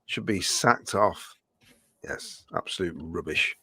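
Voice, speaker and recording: A man with a croaky voice from a cold, co-hosting a casual fan podcast and reading out viewer comments. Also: sits low, slow pace, bright, forceful tone, dry recording. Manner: dry, chatty, reads comments aloud.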